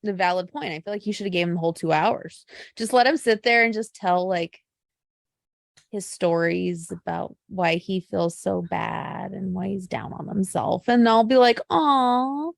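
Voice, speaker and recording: A woman co-hosting a casual podcast, gushing and animated as she tells stories. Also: on the low side, normal speed, gravelly, no room sound, clean studio sound. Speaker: podcast co-host. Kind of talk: casual chat.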